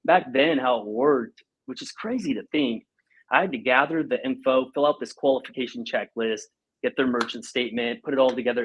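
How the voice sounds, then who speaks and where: Guest in his 30s, husky mid-pitched man, animated storyteller who acts out the dialogue. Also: brisk, low-quality recording. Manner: animated, acts out quoted speech, laughs often. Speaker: podcast guest, company president. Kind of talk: casual storytelling.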